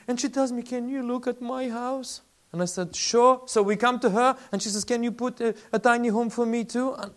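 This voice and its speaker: A man, a faith-based relief leader giving a lively testimony talk with slides and acting out the people he quotes. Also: high-pitched. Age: 40s. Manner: animated storyteller, acts out quoted voices.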